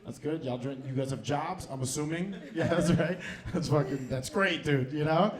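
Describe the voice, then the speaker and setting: Working a comedy club crowd through a handheld stage mic, a young stand-up comedian and host with a fairly high voice delivers a loose, profane set. He moves at a moderate pace and keeps laughing at his own jokes.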